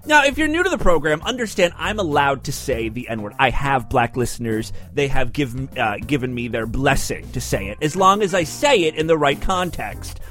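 A man hosting his own comedy podcast, rambling and sarcastic, with loud bursts and mumbled asides. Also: mid-range voice, very animated, normal speed, few pauses, soft background music. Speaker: podcast host. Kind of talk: comedic monologue.

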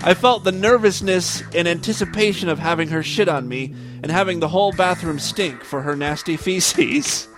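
A man with a fairly high-pitched voice reads a listener-submitted story aloud on his podcast. He stops now and then for wry comments. Soft music plays faintly in the background. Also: normal speed, few pauses. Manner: wry asides between read passages. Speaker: podcast host.

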